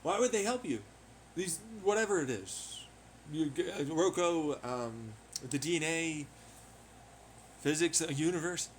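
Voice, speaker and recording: A man's voice: a little high, expressive, measured pace, a little hiss or hum. A man rambling in a profane monologue, firing off rhetorical questions. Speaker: vlogger.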